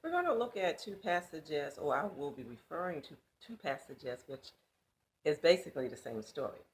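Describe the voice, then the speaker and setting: A woman's voice: sits low, sing-song, normal speed, a little hiss or hum. A woman teaching a Bible passage in sermon style, emphatic and loose, with casual asides.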